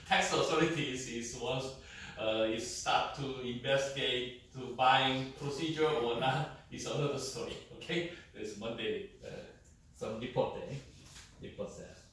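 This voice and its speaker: Halting lecturer in an echoey room. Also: male voice, medium pitch, a bit bright. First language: Korean. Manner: halting, repeats words, often checks with "okay?". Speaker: university lecturer. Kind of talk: classroom lecture on English usage. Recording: echoey room, mic far off, faint noise.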